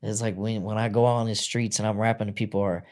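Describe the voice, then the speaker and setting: A man's voice: fairly low pitch, little pitch movement, fast, a little mellow. Blunt, profane man telling his story. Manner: blunt and profane, acts out quoted voices. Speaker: podcast guest, rapper. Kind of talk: candid personal storytelling.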